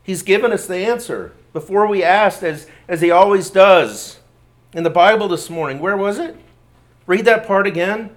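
An excited, devout young woman presses her point with insistent warmth, her voice a touch raised, read out by a man. The delivery stays close to an everyday reading voice, simple and earnest. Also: high voice, normal speed, pitched above the performer's own voice, lightly acted.

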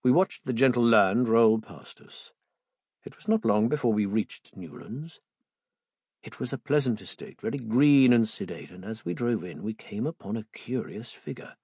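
A man narrates a story in a measured first-person tone, and his pitch moves expressively. His voice is slightly husky, and the recording is close and dry. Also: lively intonation, darkish tone, no echo. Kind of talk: audiobook narration.

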